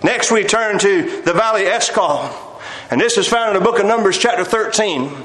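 A man's voice: sits high, animated, normal speed, fairly bright tone, echoey room, rough recording. A man preaching a sermon, quoting old-fashioned scripture and calling his listeners "my friends.". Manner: reads scripture in old-fashioned King James phrasing, addresses listeners as "my friends".

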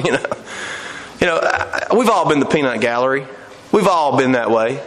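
A man's voice: fairly high pitch, lively intonation, moderate pace, a bit bright. A middle-aged man preaching a sermon, telling folksy stories and building to fervent emphasis. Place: church sanctuary. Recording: long reverb of a church hall.

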